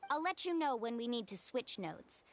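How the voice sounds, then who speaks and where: A woman's voice: fairly high pitch, sing-song, moderate pace, slight background noise. A young woman voicing a confident, upbeat guide in game dialogue, cheerful and reassuring, who calls out commands to her companions.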